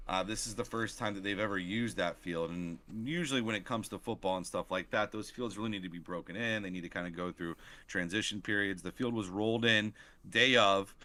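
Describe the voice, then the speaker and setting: Man, sports podcast co-host, casual, bright tense voice, analytical, halting. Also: lowish voice.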